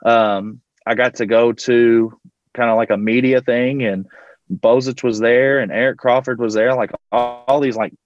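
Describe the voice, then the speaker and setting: A man's voice: medium pitch, steady tone, normal speed, dry recording. Casting a Louisville man as a podcast guest, a teacher-coach spinning a loose, rambling anecdote full of fillers. Muffled, dry recording. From Louisville, Kentucky. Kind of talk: casual storytelling.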